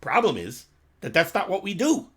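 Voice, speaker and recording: A man giving a daily Torah class, explaining texts in a conversational, animated way and reading Hebrew phrases aloud. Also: high-pitched, normal speed, breathy edge. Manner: animated, quotes texts in Hebrew and Yiddish-flavored pronunciation. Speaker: Torah teacher.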